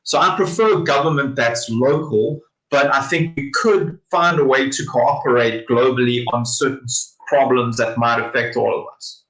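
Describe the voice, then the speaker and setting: A man's voice: mid-range voice, moderate pace, few pauses, a bit bright. A man appearing as a podcast guest, making his points casually and with some swearing. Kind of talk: casual chat. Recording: roomy echo.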